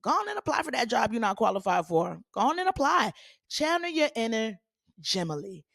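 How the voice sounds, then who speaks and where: A woman hosting a solo commentary podcast, talking in a sassy, animated way with playful asides to her listeners. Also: on the high side, brisk, vocal fry, no echo, clean studio sound. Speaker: podcast host.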